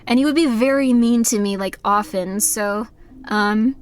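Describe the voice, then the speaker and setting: A woman's voice: fairly high pitch, unhurried, a little hiss or hum. Rambling, candid young woman streamer. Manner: rambling, candid, apologetic, many "like" fillers. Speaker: streamer playing a game. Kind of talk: casual live-stream chat.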